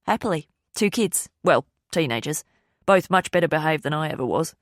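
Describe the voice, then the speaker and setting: A woman reading the part of a nervous, remorseful middle-aged man in a low, subdued way. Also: animated, moderate pace, no echo, studio quality.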